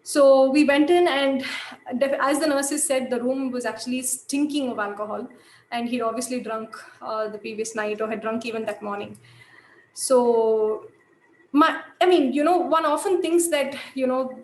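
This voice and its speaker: A woman's voice: high-pitched, fairly even intonation, moderate pace, darkish tone, echoey room, a little hiss or hum, rough recording. A woman giving a lecture, telling a case story thoughtfully with many fillers and restarts.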